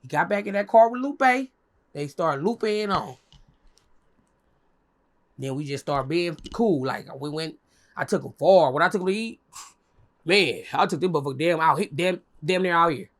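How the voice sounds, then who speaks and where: A young woman telling a story as an interview guest, animated and profane, acting out what others said in a high voice. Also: moderate pace, long pauses. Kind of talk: casual storytelling.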